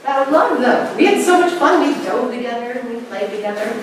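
A woman gives a spiritual lecture at a conference, her voice pitched fairly high and leaping up on the words she stresses. She is heard from well back in a very echoey hall, with a faint hiss underneath. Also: fairly quick, distant mic. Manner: animated, swooping up high on key words. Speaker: conference speaker.

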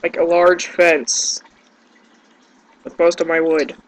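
A man's voice: on the high side, little pitch movement, slow, low-quality recording. A man giving gameplay commentary, yelping in panic and groaning at his own mistakes. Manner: panicky yelps and self-deprecating groans. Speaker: let's play gamer.

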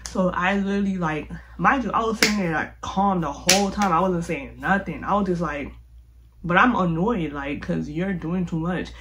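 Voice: medium pitch, moderate pace, very noisy. Young adult vlogger, storytime narration, casual and slangy, lots of filler "like"s. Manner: chatty, heavy use of "like", slangy.

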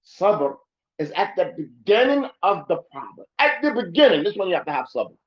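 A man's voice: high-pitched, big pitch swings, normal speed, echoey room. A man teaching a lesson in a mosque, switching between Arabic and English and acting out angry people. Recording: dull lo-fi recording.

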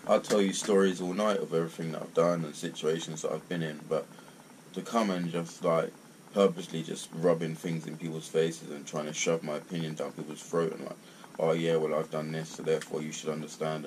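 A man's voice: a bass voice, a little hiss or hum, rough recording. A man, ranting bluntly and swearing in a casual video monologue. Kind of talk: casual rant to camera.

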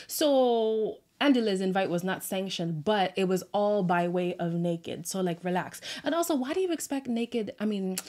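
A woman's voice: medium pitch, a little mellow. Sassy chatty woman recapping a show. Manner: chatty, sassy, exasperated asides. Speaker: recap vlogger. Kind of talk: casual reality-show recap.

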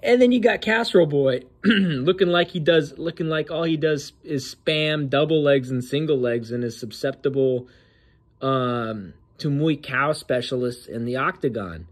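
A man's voice: fairly high pitch, moderate pace. Sneering, slangy male commentator. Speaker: host. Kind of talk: casual political commentary.

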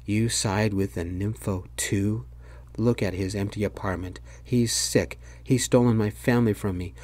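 A man playing a furious hoarder mother, softly. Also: lowish voice, steady tone, measured pace, no room sound. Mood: angry. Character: screaming hoarder mother, middle-aged woman, bitter. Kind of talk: whispered role-play.

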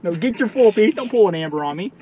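A man's voice: high voice, animated, fast, warm tone, highs cut off, a little hiss or hum. Hyped young man vlogging from a car. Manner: hyped, joking, yelps and laughs. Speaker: vlogger host. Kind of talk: casual vlog chat. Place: inside a car.

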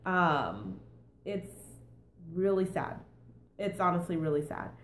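A woman's voice: lowish voice, sing-song, slow, echoey room, slight background noise. A young woman giving a casual book review with a sing-songy tone, chatty and full of fillers. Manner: chatty with many fillers and "and stuff".

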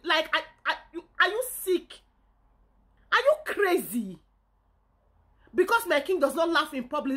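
A woman's voice: high-pitched, fairly bright tone. A Nigerian woman from Edo State ranting in a reaction video, indignant and scolding, often repeating herself. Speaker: vlogger.

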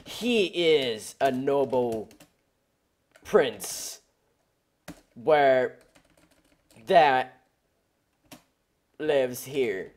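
A man narrating his own gameplay in a loose, rambling way, and his pitch swings widely from low mutters to high outbursts. He gets excitable and shouts at the creatures he meets, then drifts back into casual chatter. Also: drawn-out words, pauses often. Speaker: gameplay commentator. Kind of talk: casual let's-play commentary.

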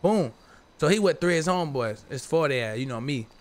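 A man's voice: fairly high pitch, expressive, fairly quick, slight background noise. A young man streaming a roleplay game, telling a brash, profane story in character.

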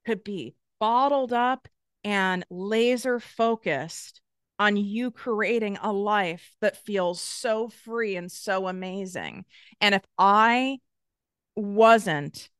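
Blunt, smooth-voiced woman coach. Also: mid-range voice, no room sound, clean studio sound. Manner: blunt, swears freely, direct. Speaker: business and manifestation coach. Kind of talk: motivational talk to camera.

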